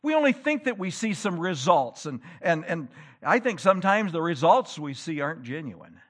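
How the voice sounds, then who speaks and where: Animated preaching man, lively pitch. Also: moderate pace. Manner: animated preaching, rising to loud emphatic peaks. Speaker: pastor. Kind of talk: sermon. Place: church.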